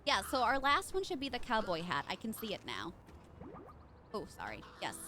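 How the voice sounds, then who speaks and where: A woman's voice: mid-range voice, huge pitch swings, normal speed, pushed and bright, a little hiss or hum. A woman streaming a game live, chatting with her viewers and reacting as she plays. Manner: bubbly, chatty, reads chat aloud. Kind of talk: live gameplay commentary.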